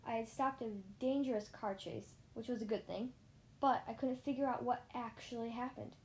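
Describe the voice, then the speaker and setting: A woman's voice: a little high, moderate pace, a little hiss or hum. Woman reading a children's story aloud. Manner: lively first-person storytelling with small slips. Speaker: narrator.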